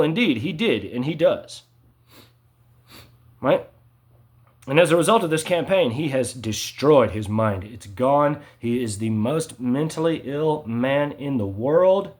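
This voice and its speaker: Man, agitated rant, repetitive, insistent, loud bursts and low mutters, "right?" tags. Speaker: vlogger. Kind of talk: ranting monologue to camera.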